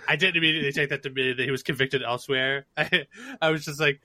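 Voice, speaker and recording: A man's voice: medium pitch, fairly even intonation, fast, pushed and bright. A man in his thirties co-hosting a podcast, chatting casually in a rambling, jokey way and laughing often. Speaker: podcast co-host. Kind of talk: casual chat.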